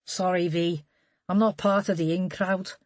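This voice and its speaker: A woman's voice: fairly low pitch, steady tone, measured pace, darkish tone, dry recording, natural voice. A woman voicing a genial middle-aged man who gossips in a chatty, wry, knowing way, in an audiobook reading.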